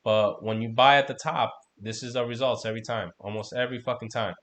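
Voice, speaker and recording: A man's voice: medium pitch, steady tone, fast, fairly bright tone. A man hosting a casual trading livestream, talking loosely and profanely while going over charts, peppering his talk with "man" and "right?". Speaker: crypto trading stream host.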